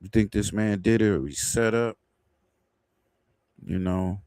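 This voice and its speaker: A man's voice: lowish voice, fairly even intonation, measured pace, darkish tone, clean tone, dry recording, clean studio sound. A man hosting a livestream, commenting casually in a loose, rambling way and laughing at his own jokes. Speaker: livestream host.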